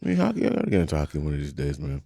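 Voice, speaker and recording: A man co-hosting a podcast, chatting casually in an animated, profane rant with frequent laughter. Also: a bass voice, rapid-fire, gravelly, no room sound, studio quality. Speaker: podcast co-host. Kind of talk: casual chat.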